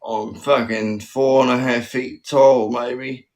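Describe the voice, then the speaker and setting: A man's voice: medium pitch, flat delivery. A man hosting a comedy talk show, swearing freely and joking at his own expense. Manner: profane, self-deprecating, quick jokes. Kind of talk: crude casual comedy banter.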